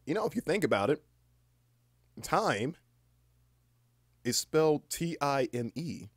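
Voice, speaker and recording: A young man hosting a casual livestream chat in a rambling, halting way, with deadpan, self-mocking humor. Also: a little high, no room sound, clean studio sound. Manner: rambling and halting, with many restarts. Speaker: livestream host.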